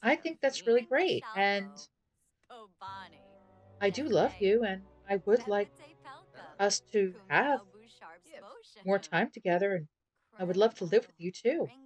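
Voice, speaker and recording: A woman voicing a gentle young woman in love, speaking in a lifted, soft tone in a video game story. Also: medium pitch, lively intonation, unhurried, long pauses, highs cut off, soft background music, natural voice. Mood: tender.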